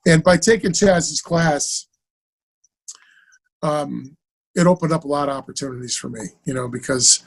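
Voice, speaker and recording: Guy telling showbiz stories on a podcast, lively, acts out all the voices. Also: on the high side, moderate pace, creaky, pauses often. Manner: animated, acts out quoted dialogue. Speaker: actor guest. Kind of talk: casual storytelling interview.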